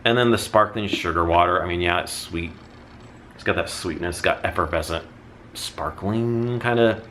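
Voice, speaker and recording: A man's voice: low-pitched, a bit bright, a little hiss or hum. A man hosting a casual product review vlog, talking in a chatty, rambling way and often correcting himself mid-sentence. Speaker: candle haul vlogger.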